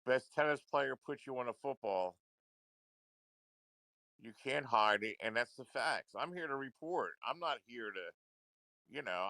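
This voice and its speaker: A man's voice: medium pitch, pushed and bright, dry recording. A man ranting into a livestream, confrontational and repetitive, swearing often. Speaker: livestream commentator.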